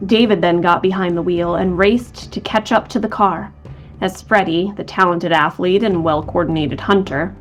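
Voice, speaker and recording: A woman's voice: on the low side, steady tone, normal speed, faint music behind. Woman narrating true crime. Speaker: podcast co-host.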